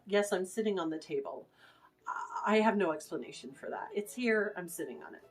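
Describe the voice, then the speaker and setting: A woman's voice: fairly low pitch, a little fast, faint music behind. A middle-aged woman vlogging in a casual, rambling way, anxious and emotional, full of fillers and restarts. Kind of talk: casual rambling vlog chat.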